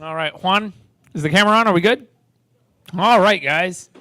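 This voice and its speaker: An upbeat man emceeing a live event in an indoor space, loose and chatty with punchy exclamations. His voice sits high and rings bright. The sound is dry and close. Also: moderate pace, dry recording.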